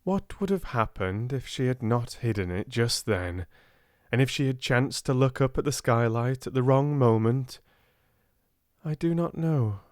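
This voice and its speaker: A British man narrating an unabridged classic audiobook in an expressive storytelling manner. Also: medium pitch, normal speed, dry recording, clean studio sound. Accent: British English. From Britain. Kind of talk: scripted narration.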